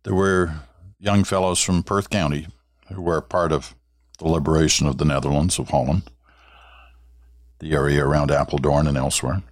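Deep-voiced older man hosting radio. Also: fairly even intonation, moderate pace, pauses often, no room sound, clean studio sound. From Canada. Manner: warm storytelling, reads listener letters aloud. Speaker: radio host. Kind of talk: casual talk radio monologue.

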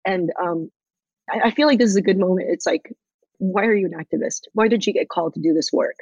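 Woman guest, lively storyteller with a slightly low voice, close dry mic. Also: fast, breathy edge, dry recording, muffled recording. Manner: animated storyteller acting out quotes, swears casually. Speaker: guest, comedian and activist. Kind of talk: casual storytelling interview.

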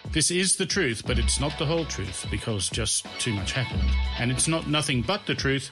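A man telling his own comic travel story as scripted narration, in a wry, deadpan way. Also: mid-range voice, moderate pace, music in the background.

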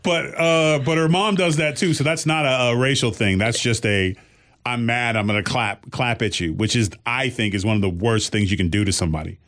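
A middle-aged man, a comedian, telling a story in casual chat and jumping high in pitch when he quotes people. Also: brisk, few pauses. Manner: animated storyteller, jumps high when quoting others. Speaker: comedian and podcast host.

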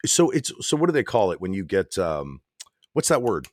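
Blunt, lively man co-hosting a podcast. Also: low-pitched, normal speed, dry recording, clean studio sound. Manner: blunt and swearing, animated, trails off and restarts. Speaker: podcast co-host. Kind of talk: casual chat between spouses.

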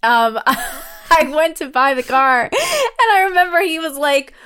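A woman co-hosting a podcast, chatting casually with a friend. She reacts quickly and expressively, swearing now and then, in a somewhat high voice. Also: bright, forceful tone. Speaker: podcast co-host. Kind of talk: casual chat.

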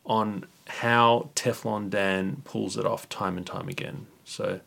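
A man's voice: lowish voice, steady tone, takes it slowly, creaky, a bit bright. A man hosting a satirical news talk show, announcing in a mock-official, sarcastic manner. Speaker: host.

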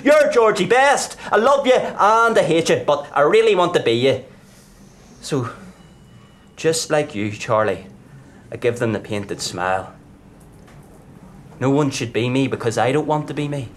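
A man acting as a tormented young footballer star in a live pub play, bitter and self-mocking, drinking to hide from his fame. His voice sits at an everyday middle pitch runs through his brooding lines. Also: natural voice. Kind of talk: live stage play performance. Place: pub performance.

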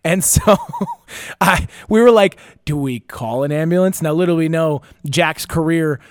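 Young man, casual storyteller, rambling and swearing, slightly high voice, dry close sound. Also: measured pace, clean tone, dry recording. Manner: rambling, profane, laughing, many fillers and restarts.

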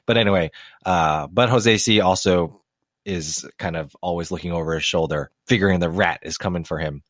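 Chatting casually on a podcast he co-hosts, a man speaks at a normal speed in a deep, fairly bright voice, adding wry jokes along the way. It's a studio-quality recording with no room sound.

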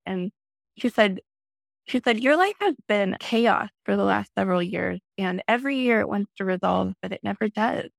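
Gravelly-voiced woman telling a story. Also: normal speed, dry recording. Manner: animated, acts out her own past lines in a high excited voice. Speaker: podcast guest. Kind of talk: conversational storytelling.

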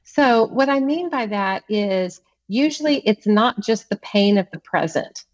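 A woman's voice: medium pitch, expressive, measured pace, highs cut off. A woman author as a podcast guest, speaking earnestly and with emphasis, repeating words to stress a point. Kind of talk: podcast interview conversation.

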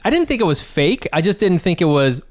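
Excitable male podcast co-host, dry sound. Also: high voice, brisk, no echo. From not from New York. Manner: excitable, swearing, laughs often. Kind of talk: casual comedy podcast chat.

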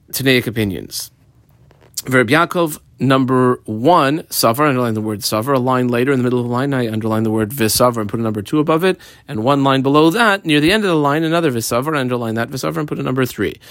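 In a page-by-page study lesson, a man with a mid-range voice works through a Talmud page line by line, explaining each phrase and marking up the text, his pace shifting between quick and slow, stressed delivery. There is no echo.

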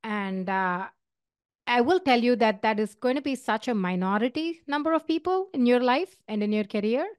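Podcast host, woman, middle-aged, Indian accent, earnest and chatty, a bit high-pitched, dry sound. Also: expressive, moderate pace, clear, resonant tone, no room sound. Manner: earnest, conversational with many fillers and restarts. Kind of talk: solo advice talk.

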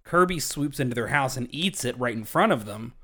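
A man from Kentucky co-hosting a podcast, riffing in animated, swearing casual chat. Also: medium pitch, fairly quick, a little hiss or hum. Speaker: podcast co-host.

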